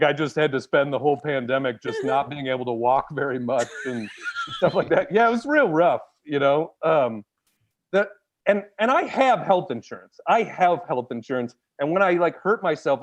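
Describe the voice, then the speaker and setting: Stand-up guy telling a story, kinda high voice, loose and jokey. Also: fairly quick. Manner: animated, jokey, acts out voices of others. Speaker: stand-up comedian guest. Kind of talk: casual comedic storytelling.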